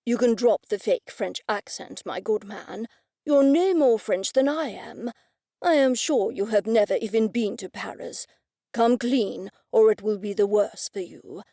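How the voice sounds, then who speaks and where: A woman's voice: medium pitch, unhurried, mellow, no room sound, studio quality. A woman voicing a pompous, sarcastic older male earl who talks in a haughty, stern way.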